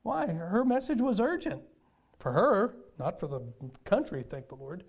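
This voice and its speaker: An older man preaching a sermon in a folksy storytelling way, with sudden loud bursts. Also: sits high, very animated, a little slow, slightly rough. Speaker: pastor.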